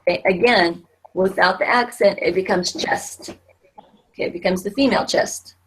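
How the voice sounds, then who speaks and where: Husky-voiced woman teaching a Spanish class. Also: mid-range voice, moderate pace. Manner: patient, explanatory, many fillers and restarts.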